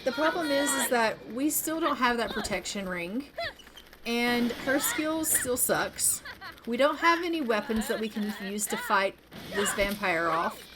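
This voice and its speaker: A woman's voice: fairly high pitch, lively intonation, a little slow, noisy background. A woman narrating a life-simulation game playthrough in a casual, chatty way, full of "like" and "oh my God". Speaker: gameplay narrator. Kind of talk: casual let's-play narration.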